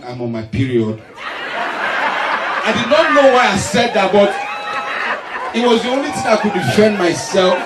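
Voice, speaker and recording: A man's voice: a little high, distant mic, noisy background. A man doing stand-up comedy, telling a story animatedly and slipping into acted voices, recorded live on stage in an echoey hall. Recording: echoey live hall, mic from afar, crowd.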